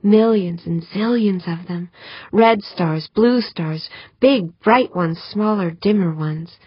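A woman's voice: fairly low pitch, slow pace, husky, dry recording. Brief: earnest, wide-eyed young woman, read by a woman narrator, muffled dry sound. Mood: awed.

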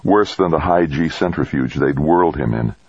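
A man narrating an audiobook in an even, measured storytelling manner. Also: a bass voice, creaky, breathy edge, no room sound, dull audio. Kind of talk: scripted narration.

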